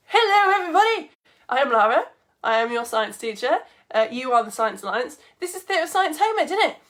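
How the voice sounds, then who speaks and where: A woman's voice: on the high side, expressive, fairly quick, a bit bright. A young woman teaching science in a live online lesson for children, chatty and bubbly, greeting viewers by name.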